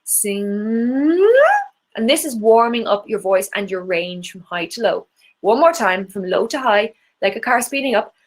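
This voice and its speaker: A woman's voice: medium pitch, normal speed. Irish woman teaching a singing class. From Ireland. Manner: encouraging, demonstrates vocal exercises. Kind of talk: live online singing workshop.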